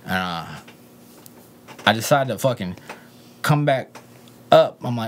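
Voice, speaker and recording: Young guy cursing his way through a long story, lowish voice, bit of background hiss. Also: expressive, measured pace, pauses often. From Southern California. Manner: profane, rambling, drifts between loud asides and low muttering. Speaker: interview guest. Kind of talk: rambling casual storytelling.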